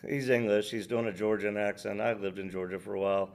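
A man's voice: on the low side, fairly even intonation, fast. A middle-aged American man co-hosting a podcast, talking casually with lots of fillers and tangents. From United States. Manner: rambling, tangent-prone, filler-heavy. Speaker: podcast co-host. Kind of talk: casual chat.

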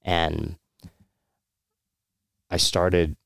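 A veteran opens up in an interview, his voice low and gravelly. He speaks with candor and rambles through restarts and fillers, with short laughs. The sound is close and dry. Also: level tone, very slow, fairly bright tone, no echo. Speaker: military veteran guest. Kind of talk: candid personal storytelling.

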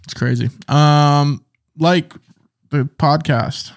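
A young man co-hosting a podcast with a notably high speaking voice. He jokes around in loose, laid-back chat. His tone stays light and easygoing. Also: fairly even intonation, slow, gravelly. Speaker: podcast co-host. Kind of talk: casual chat.

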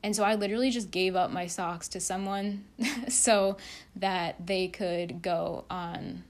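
A woman's voice: mid-range voice, measured pace. A woman talking candidly to camera in a rambling, casual monologue, dropping lots of fillers and the odd swear word. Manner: rambling, frank, swears, heavy use of "like". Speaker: vlogger.

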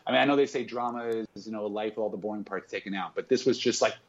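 A man's voice: lowish voice, rapid-fire, muffled recording. A man hosting a casual movie podcast. He talks chattily and stumbles over his words often. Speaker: podcast host.

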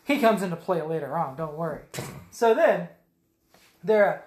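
A woman chats casually through a film recap, her pitch jumping up and down as she acts out scenes with goofy voices and sound effects. She swears freely and laughs along. Her voice echoes around the room. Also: lively intonation, moderate pace, a little mellow. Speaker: podcast co-host.

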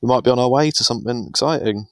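A man's voice: medium pitch, racing, a bit bright, no echo, clean studio sound. A man in his thirties co-hosting a podcast in casual chat, rambling and self-deprecating, chuckling often. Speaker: podcast co-host.

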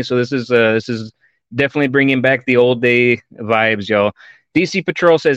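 Casting note: upbeat male host, smooth clean tone, dry close mic. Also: mid-range voice, brisk, fairly bright tone, no echo, dull audio. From Texas. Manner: enthusiastic and chatty, says dude and y'all. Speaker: podcast host. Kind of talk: live-stream interview.

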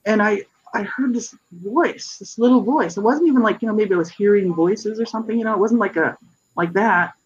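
Middle-aged guest talking about their life, kinda husky, lots of restarts, muffled lo-fi sound. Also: medium pitch. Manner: earnest, halting, with frequent restarts and fillers. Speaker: guest author. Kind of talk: personal testimony in an interview.

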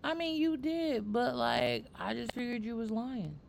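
Woman podcast host, lively pitch swings, playful teasing chat, faint background hiss. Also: unhurried, creaky. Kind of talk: casual chat.

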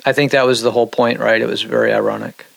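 Gravelly, animated podcast co-host man. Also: fast, dry recording. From Minnesota. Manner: animated, profane, jumps pitch when excited. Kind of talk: casual chat.

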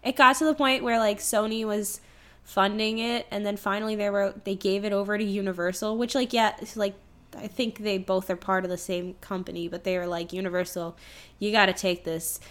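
A woman's voice: mid-range voice, steady tone, a little fast. A woman co-hosting a casual podcast, ranting animatedly and swearing while retelling a movie. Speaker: podcast co-host. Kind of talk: casual chat.

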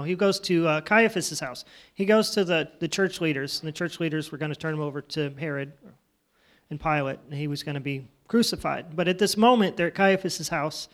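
A man with a high voice teaches a Bible story to children. He talks in a loose, conversational way, retells scenes in his own words and keeps turning to the kids with questions.

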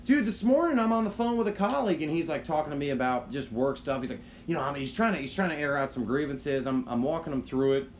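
A man's voice: a little high, fast, hardly any pauses. A man telling a long story on a podcast in casual chat, rambling and swearing, with lots of "like" fillers. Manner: rambling, profane, frequent "like" fillers. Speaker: podcast co-host.

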